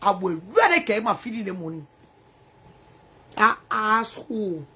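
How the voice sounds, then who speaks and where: A woman's voice: medium pitch, big pitch swings, moderate pace, pushed and bright, slightly rough. A woman ranting angrily in profane, repetitive bursts from her bedroom. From Liberia. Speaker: social media personality.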